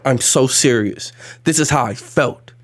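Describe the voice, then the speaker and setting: A man telling a painful personal story as a vlog monologue, animated and repetitive, slangy and profane, close to tears. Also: mid-range voice, a little slow. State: emotional, on the edge of tears.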